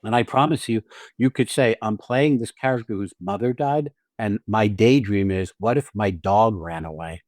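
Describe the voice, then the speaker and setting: A man co-hosts a podcast about acting, laying out technique in a blunt, profane, emphatic way, often restarting his phrases. His voice sits on the low side. The sound is dry and close, with no room around it. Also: normal speed, a little mellow, dry recording. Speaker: podcast co-host and acting teacher. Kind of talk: casual explanatory chat.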